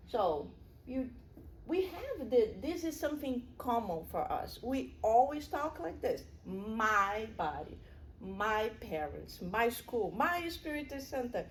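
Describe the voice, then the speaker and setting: A woman's voice: fairly high pitch, a little mellow, slight background noise. A middle-aged woman giving a public spiritual lecture in an earnest, conversational way, with personal stories.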